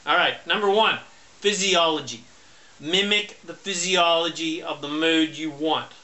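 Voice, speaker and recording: Man, motivational speaker, loud and emphatic, bright forceful tone, fairly high voice. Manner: loud, emphatic, slows down to stress points. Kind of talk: motivational self-help talk.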